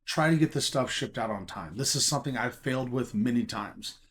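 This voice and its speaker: A man's voice: medium pitch, a little fast, a bit bright. A man talking casually to camera about collecting and selling trading cards, emphatic and chatty, often checking in with "okay?". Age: adult teaching a college class. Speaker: Pokémon card collector and seller.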